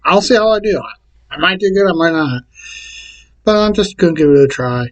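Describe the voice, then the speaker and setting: A man casually talking to camera and reading out his picks in a plain, repetitive way with halting restarts. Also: on the high side, lively intonation, dull audio. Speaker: vlogger.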